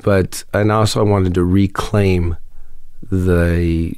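A man's voice: low voice, fairly even intonation, slow, darkish tone, smooth, dry recording. A man in his fifties from Ohio, chatting as an interview guest in a dry, wry, meandering way. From Ohio, United States. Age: 50s. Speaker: guest musician. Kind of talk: casual interview chat.

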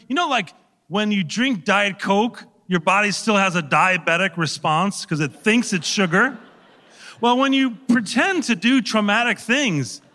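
Animated man telling a story, bright voice. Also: high voice, long reverb tail. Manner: animated, laughing, occasional swearing. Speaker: actor guest. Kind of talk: anecdotal talk show storytelling.

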